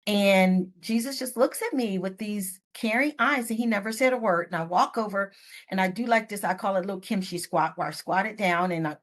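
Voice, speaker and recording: A middle-aged woman author telling stories in a podcast interview, expressive and playful with asides. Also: mid-range voice. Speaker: guest author. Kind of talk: podcast interview, casual storytelling.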